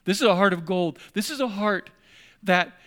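A man preaching a sermon, shifting between hushed, intimate passages and emphatic declarations. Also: high voice, moderate pace. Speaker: pastor.

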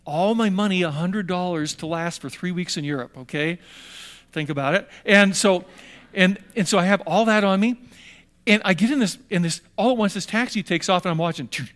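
A man's voice: high-pitched, fairly quick. An older man telling a personal story to young listeners, acting out the voices of people in it. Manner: animated, acts out voices in his story. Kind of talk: storytelling talk.

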